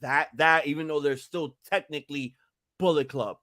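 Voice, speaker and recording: A man co-hosting a casual wrestling chat show, animated and argumentative, swearing casually. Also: a little high, normal speed, dry recording, clean studio sound. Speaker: podcast co-host.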